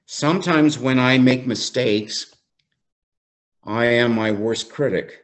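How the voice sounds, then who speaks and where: A man leading a faith-based recovery group, teaching slowly and reflectively, often repeating phrases for emphasis. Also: medium pitch. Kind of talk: devotional teaching.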